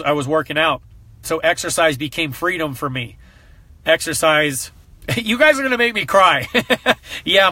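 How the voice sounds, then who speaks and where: Earnest man with a bright, forceful voice. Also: on the high side, no echo. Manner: earnest, emotional, fighting back tears. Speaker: coach. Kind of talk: heartfelt personal talk to a group.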